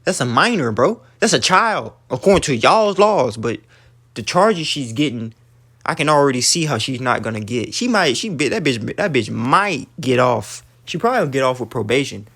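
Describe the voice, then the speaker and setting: A man's voice: medium pitch, big pitch swings, normal speed, a bit bright, husky. A man giving a blunt, profane casual rant as an online commentator, stumbling and repeating words, citing scripture. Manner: blunt, emphatic, swears often, repeats words; preachy, cites scripture. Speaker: online commentator reading news.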